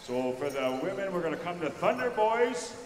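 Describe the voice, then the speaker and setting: A man working as pow wow announcer, briskly giving instructions to drum groups and judges over a microphone in a large indoor arena. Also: high voice, big pitch swings, slight background noise. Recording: echoey arena PA from far off.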